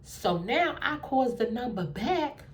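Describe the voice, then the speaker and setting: A woman with a fairly high voice, telling a personal story in a lively, casual way. She acts out what everyone said and keeps checking that the listener is following. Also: slow. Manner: animated, acts out both sides of conversations. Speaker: storyteller vlogger.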